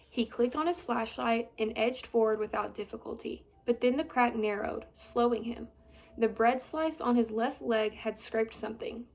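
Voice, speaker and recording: A woman in her twenties reading a children's chapter book aloud in a steady, clear way. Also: a little high. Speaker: storybook reader. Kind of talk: children's story read-aloud.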